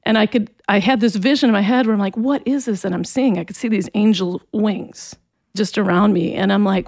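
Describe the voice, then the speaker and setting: A woman's voice: mid-range voice, a little mellow, dry recording. Woman giving a heartfelt faith testimony. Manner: earnest, emotional, halting retelling. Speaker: interview guest.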